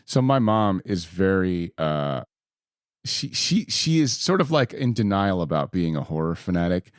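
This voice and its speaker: A man from Puerto Rico hosts a comic-book podcast, telling jokey family stories. His low voice swings widely in pitch, and the sound is dry and close. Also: a little slow, no echo. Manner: animated storyteller, jokey. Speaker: podcast host. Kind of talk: casual chat.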